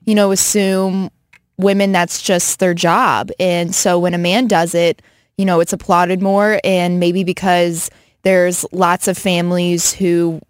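Casting: female co-host, lowish voice, measured and thoughtful, dry close sound. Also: level tone, no room sound. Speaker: radio show co-host. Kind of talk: casual chat.

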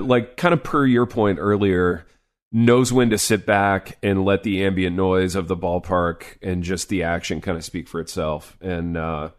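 A man co-hosting a sports podcast in casual chat, loose and rambling with lots of filler words. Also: deep voice.

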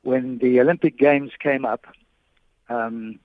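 Calling in to a radio show, an older man who is a veteran sports broadcaster recalls the past in a steady, medium-pitched voice made thin by the telephone. He hesitates a lot, repeating words and beginning sentences again. The sound is dry and close, lacking any room sound.

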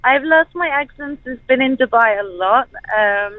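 A woman's voice: high-pitched, lively intonation, normal speed, no echo. A woman from Birmingham calling in to a radio show, chatty and giggly. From Birmingham, England. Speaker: radio caller. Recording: tinny phone line.

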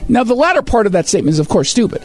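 A man's voice: sits high, very animated, very fast, a little mellow. A man hosting a talk show, reading quotes and reacting with sarcastic, emphatic commentary.

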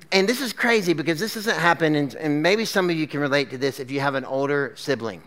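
A man's voice: a little high, fast talker, fairly bright tone. A man preaching a casual sermon to a live crowd, telling the story in a chatty way full of "like" and "okay?". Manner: chatty, lots of fillers like "like" and "okay?". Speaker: pastor. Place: church gathering with a screen.

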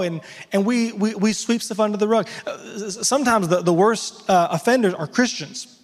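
A man preaching a sermon as pastor, speaking emphatically and mixing in lively everyday asides. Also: high-pitched, normal speed, in a large hall.

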